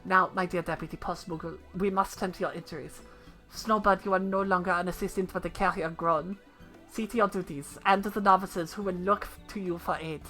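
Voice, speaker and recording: A woman voicing a calm, regal leader of a forest realm, reading game dialogue in a soft, measured, formal way. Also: fairly low pitch, faint music behind. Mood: gentle.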